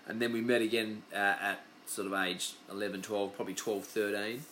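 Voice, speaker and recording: A man's voice: fairly low pitch, flat delivery, brisk, fairly bright tone, slight background noise. Rambling, swearing Australian man. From Western Australia. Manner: loose, profane, chatty storytelling. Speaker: podcast host. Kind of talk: casual rambling monologue.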